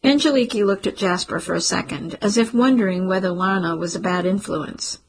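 A woman reads a novel aloud with a very husky, breathy tone and a voice of middling pitch. Her telling is wry and even, with a dry turn in the asides. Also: a little fast, few pauses, rough recording. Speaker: audiobook narrator. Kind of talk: scripted narration.

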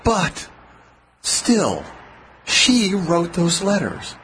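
A man's voice: high-pitched, sing-song, extremely slow, a bit bright, slight background noise, full character voice. An actor playing a worried, pleading male shop clerk in a 1940s radio play.

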